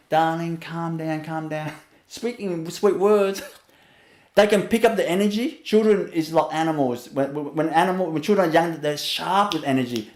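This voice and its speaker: A man teaching in a spiritual webinar talk, his fairly high voice broken by frequent little laughs. He drops into a soft, hushed register when he shows what calm sounds like. The sound carries a noticeable room echo. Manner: laughs often between phrases, drops to a soft low voice to show calm.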